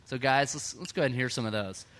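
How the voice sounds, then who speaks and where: A young man from Texas with a Texan accent, hosting a casual podcast chat, chatty and quick to laugh. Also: mid-range voice, fairly bright tone. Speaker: podcast host.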